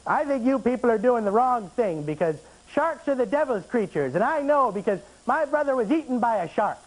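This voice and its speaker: A man's voice: extremely high pitch, very animated, a little fast, heavily acted, rough recording. A comedian voicing an indignant woman leaving a stern phone message.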